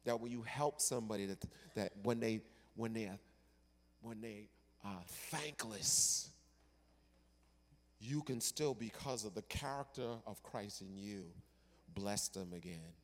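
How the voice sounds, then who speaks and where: A male pastor delivering a sermon with dramatic storytelling that swings from loud to hushed. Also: lowish voice, unhurried, in a large hall.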